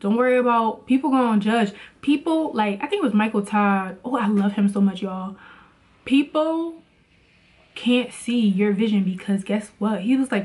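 A woman's voice: mid-range voice, animated, moderate pace, darkish tone. A woman vlogging in a casual motivational talk about faith, chatty and preachy, with lots of "like".

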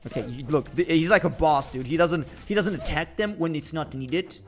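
Young male gaming YouTuber, high voice, excitable running commentary. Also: normal speed, faint music behind. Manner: excitable, talks to viewers, swings from loud to mumbled.

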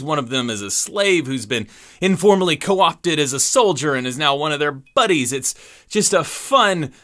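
Sarcastic man with a lively voice. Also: mid-range voice. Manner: sarcastic, joking. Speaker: book reviewer. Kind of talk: comedic book review.

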